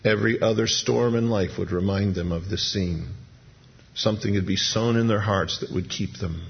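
A man's voice: lowish voice, moderate pace, creaky, husky, muffled recording. A man preaching a sermon, dramatically retelling a scene and acting out its people in voices.

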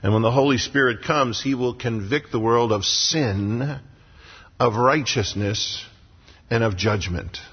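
A man's voice: mid-range voice, unhurried, breathy edge. A man preaching a sermon as pastor in a church sanctuary, with emphatic repetition. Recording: lo-fi sound with long hall reverb.

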